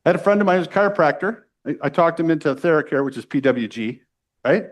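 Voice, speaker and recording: A middle-aged man from the United States giving a live sales training to a room, energetic and pushy, often checking in with the audience. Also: a little high, quick pace, muffled recording. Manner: energetic, salesy, keeps asking "right?".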